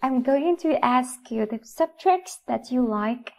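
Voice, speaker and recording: A Vietnamese-accented woman teaching English to children, her voice sitting a touch high. She talks slowly and deliberately, spelling out each step of the lesson. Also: animated, creaky. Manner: slow, deliberate, instructive.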